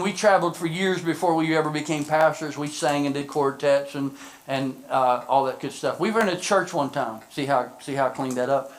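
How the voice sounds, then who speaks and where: A male pastor preaching a sermon in a church service, shouting passionately with repeated phrases, then slipping into quick, joking stories. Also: high-pitched, slight background noise, low-quality recording. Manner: drops into quick, joking storytelling.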